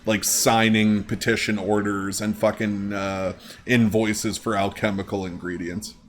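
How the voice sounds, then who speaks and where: A man in the game master's chair, describing the scene in a loose, meandering way, peppered with casual swearing. His voice sits on the low side. A faint steady hum sits under the recording. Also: a little slow. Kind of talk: narrating a tabletop game, casual.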